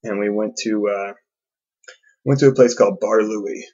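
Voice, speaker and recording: A man's voice: lowish voice, steady tone, normal speed, darkish tone, dull audio. A man hosting a podcast, telling a casual, self-deprecating story with many fillers and restarts. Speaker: podcast host.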